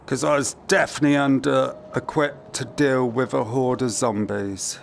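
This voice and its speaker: A man's voice: mid-range voice, fairly even intonation, normal speed, creaky, slight background noise. A man thinking aloud to himself as he plays through a video game, giving let's-play commentary into a headset mic. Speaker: gamer.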